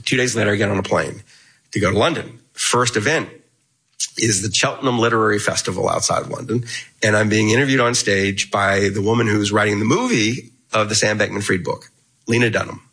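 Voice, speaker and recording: A middle-aged man telling an animated anecdote as an interview guest, acting out the dialogue as he goes. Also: on the low side, a little fast, breathy edge, poor audio. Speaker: guest author. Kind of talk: casual storytelling in an interview.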